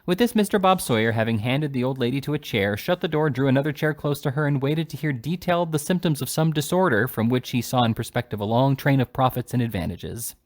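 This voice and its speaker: A man reading a classic novel aloud in an expressive storytelling manner. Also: medium pitch, fast, few pauses. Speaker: audiobook reader.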